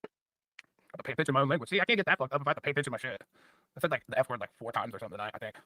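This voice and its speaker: Fast-talking tipsy man rambling on stream. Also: medium pitch, expressive, pushed and bright, no echo. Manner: loose, profane, tipsy rambling. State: a bit drunk. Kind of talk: rambling casual stream chat.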